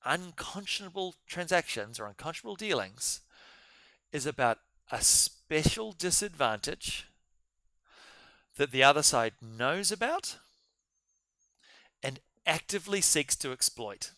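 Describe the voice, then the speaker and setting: Man, law lecturer, chatty storyteller, bright tone, dry close sound. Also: on the high side, big pitch swings, measured pace, pauses often, dry recording. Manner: chatty storytelling, addresses students directly. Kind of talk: informal live-streamed seminar lecture.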